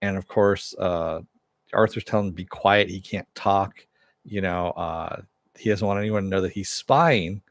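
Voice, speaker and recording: A man recapping a TV episode in a relaxed way, chuckling often and using many fillers. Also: sits low, moderate pace, no room sound. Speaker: TV episode reviewer.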